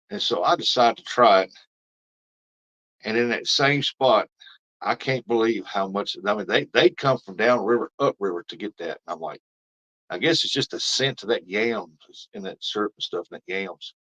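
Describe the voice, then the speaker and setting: A fairly low-voiced man hosting a fishing live stream, talking in a loose, rambling way and reading viewer comments aloud. The audio is dull and lo-fi, like a basic stream mic. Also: moderate pace, fairly bright tone. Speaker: fishing livestream host. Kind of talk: casual live-stream chat.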